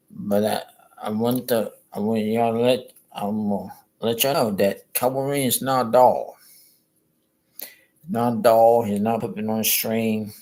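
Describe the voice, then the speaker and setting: A man's voice: fairly low pitch, a little mellow, a little hiss or hum, poor audio. A man chatting in a rambling, chuckling way while painting live on a stream. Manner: rambling, chuckling, self-interrupting. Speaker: painting instructor.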